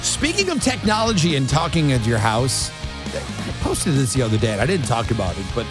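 A man's voice: medium pitch, very animated, brisk, music in the background. A man hosting a morning talk radio show, chatting in a rambling, playful and self-mocking way into a studio mic. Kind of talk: casual morning radio chat.

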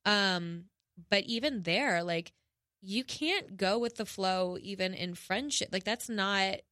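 A woman's voice: mid-range voice, slow pace, pushed and bright, no room sound, studio quality. A young woman telling a personal story in a casual podcast chat, candid and emotional, with many fillers.

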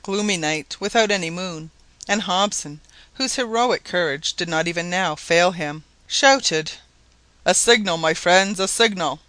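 A man narrating an adventure novel aloud in a steady, clear reading. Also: high-pitched, no echo. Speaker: audiobook narrator. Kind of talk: scripted narration.

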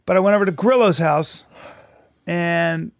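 A man's voice: on the high side, unhurried. A man co-hosting a casual comedy podcast, joking and rambling with restarts.

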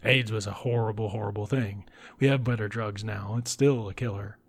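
A man with a fairly low voice walks through a film's plot in a casual recap. He talks bluntly and swears freely, and now and then he drops into a breathy whisper for an aside. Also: fairly even intonation, normal speed. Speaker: film reviewer. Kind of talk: casual film recap commentary.

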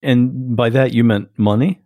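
A man hosting a podcast, asking short, gentle questions to clarify his guest's story. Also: mid-range voice, fairly even intonation, a little slow, dry recording. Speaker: podcast host. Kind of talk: interview questions.

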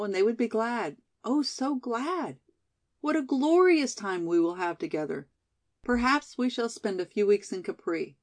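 A woman's voice: medium pitch, natural voice. A woman voicing a passionate, dreamy young college girl in a storybook reading, pleading and rapturous by turns. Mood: elated.

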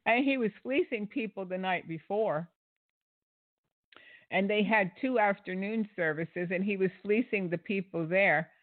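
A man with a fairly high voice picks apart a preacher's fundraising, sarcastic and indignant, full of "uh" and restarts. His audio is dry and thin, like a phone line. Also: a little slow, no room sound. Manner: indignant and sarcastic, with many fillers. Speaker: commentator. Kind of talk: critical commentary on a sermon clip.

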